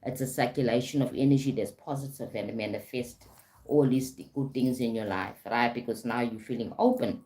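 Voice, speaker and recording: A woman's voice: rumbling low, moderate pace, dark tone. A woman with a South African accent, a life coach talking on a live stream, often adding "right?" and "okay?" and greeting viewers.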